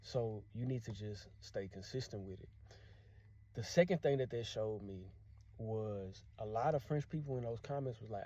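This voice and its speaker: A man's voice: lowish voice, normal speed, warm tone, lo-fi sound. A man telling a story to camera in a casual, earnest, encouraging way. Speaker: vlogger.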